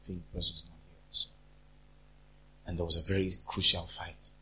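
A man's voice: low voice, normal speed, breathy edge. A man preaching a sermon, acting out quarrels as he talks. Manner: animated, acts out quarrels in different voices. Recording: dull lo-fi recording.

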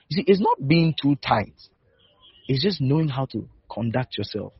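Male pastor, mid-pitched and breathy-rough, preaching in insistent repeated commands; muffled lo-fi sound. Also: big pitch swings, normal speed, no room sound. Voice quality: husky. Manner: repetitive, emphatic exhortation with rhetorical questions. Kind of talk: sermon. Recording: dull lo-fi recording.

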